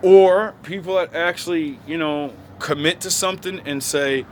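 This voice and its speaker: Young guy with aave ranting loud and preachy, cussing a lot, traffic noise all around. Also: fairly high pitch, normal speed, few pauses. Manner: blunt, heavy cursing, preachy. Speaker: video creator. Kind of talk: profane motivational rant. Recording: noisy outdoor street recording.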